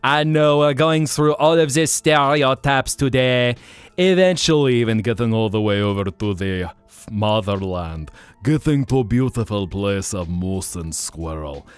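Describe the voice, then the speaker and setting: A man's voice: mid-range voice, a little slow, clean tone, dry recording, soft background music. A man hosting a livestream in casual chat, playful and jumping between joke accents. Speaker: livestream host.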